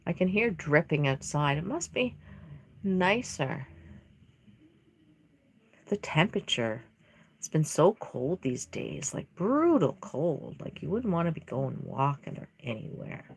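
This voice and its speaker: A woman's voice: sits low, very animated, a little slow, a little hiss or hum. A woman chatting casually and emotionally on a livestream from her home craft room while she paints, rambling with many fillers. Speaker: reborn doll artist livestreaming. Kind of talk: casual live-stream chat while painting.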